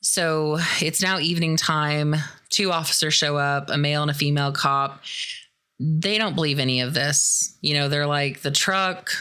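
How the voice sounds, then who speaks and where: A woman's voice: low voice, fairly even intonation, normal speed, bright, forceful tone, clean tone. A woman from the Midwestern US hosting a podcast, recapping a film in a chatty, sarcastic way with plenty of swearing. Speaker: podcast host. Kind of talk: casual movie recap commentary.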